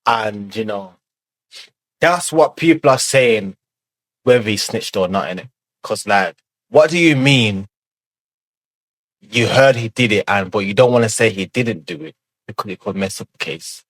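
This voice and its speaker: A man's voice: lowish voice, lively intonation, a little slow, pauses often, no echo. A man giving casual commentary as a reaction video host, loose and rambling, full of fillers and swearing.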